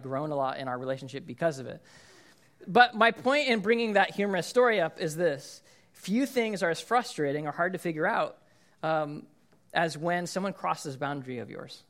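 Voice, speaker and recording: Male lead pastor, 30s, lively sermon delivery, high and bright. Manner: animated storyteller, shouts in acted-out quotes. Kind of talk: sermon with a humorous story.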